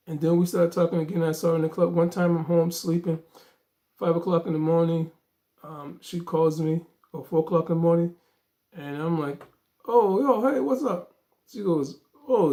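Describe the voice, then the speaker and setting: A man's voice: fairly high pitch, moderate pace. A man vlogger telling a story in a casual way, acting out the dialogue with lots of fillers. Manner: animated, acts out dialogue, frequent fillers.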